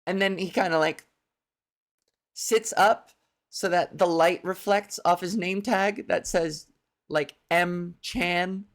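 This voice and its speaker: A woman's voice: on the low side, takes it slowly. A Canadian woman hosting a comedy podcast, telling a rambling, self-deprecating story and acting out the people in it.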